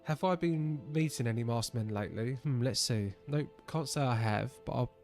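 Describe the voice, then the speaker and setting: A man's voice: medium pitch, normal speed, a little mellow, faint music behind, close to an everyday voice. A man voicing an evasive young rebel in a game, speaking with coy, feigned innocence.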